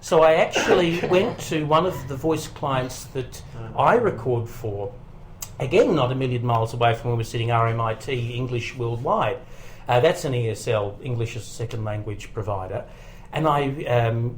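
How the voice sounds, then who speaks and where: A man's voice: mid-range voice, normal speed, a little hiss or hum, rough recording. A man, a guest voice actor and comedian, telling casual interview anecdotes and acting out the people he quotes. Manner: animated storyteller who quotes people in character. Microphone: home recording setup.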